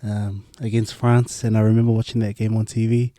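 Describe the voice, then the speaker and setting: A man hosting a podcast, asking a guest questions in a halting way, with lots of "uh" and "um". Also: fairly low pitch, level tone, warm tone, no echo, clean studio sound. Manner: halting, with many "uh" and "um". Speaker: podcast host. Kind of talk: casual interview questions.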